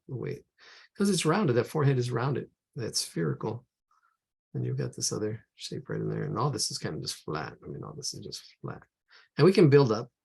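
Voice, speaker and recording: Male art teacher, rough husky voice, rambles aloud while drawing. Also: mid-range voice, a little mellow. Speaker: art instructor. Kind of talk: live drawing lesson.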